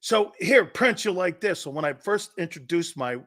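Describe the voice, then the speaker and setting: Brash, lively-voiced male sports show host. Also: sits high, moderate pace. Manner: brash, joking, profane banter with chat. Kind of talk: live-streamed sports talk, reading viewer comments.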